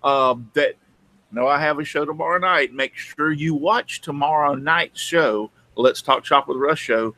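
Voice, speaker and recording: A man's voice: a little high, measured pace, sharp tone. A man, a grandfather co-hosting a casual live-stream chat who rambles and repeats himself. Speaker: co-host.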